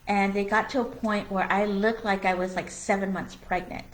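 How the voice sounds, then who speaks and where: A woman's voice: medium pitch, fairly even intonation, normal speed. A woman co-hosting a casual spiritual conversation, speaking candidly and earnestly with lots of "you know" and "like" fillers and a blunt, sometimes profane streak. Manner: blunt, with occasional swearing. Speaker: co-host of a spiritual conversation show. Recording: echoey room.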